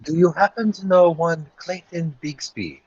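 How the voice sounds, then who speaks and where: Podcast co-host, man, raspy voice, dull lo-fi sound, wry comic interjections. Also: on the high side, steady tone, measured pace. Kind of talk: comedy podcast banter.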